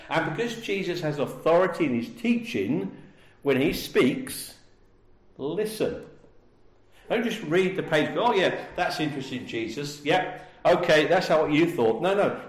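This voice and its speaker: A man preaching a sermon, emphatic and full of rhetorical questions. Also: mid-range voice. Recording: echoey room.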